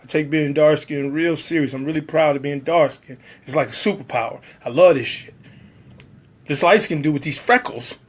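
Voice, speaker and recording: A man's voice: a little high, normal speed. A man telling a personal story about working as a background actor, acting out the other people's lines in shifting voices.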